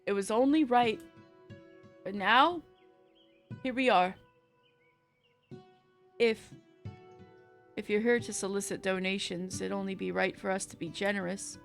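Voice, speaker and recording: A woman reading aloud as a gruff middle-aged farmer who rambles on, in her own plain voice with no accent put on. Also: mid-range voice, fairly even intonation, a little slow, long pauses, faint music behind. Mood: rambling. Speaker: streamer reading a visual novel aloud.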